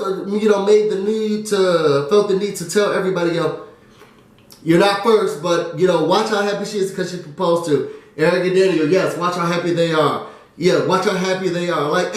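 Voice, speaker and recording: A man recapping a TV show in a casual, excitable chat, trailing off with fillers. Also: sits high. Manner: chatty and excitable, drops fillers and "da, da, da". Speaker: TV recap vlogger. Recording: very echoey room.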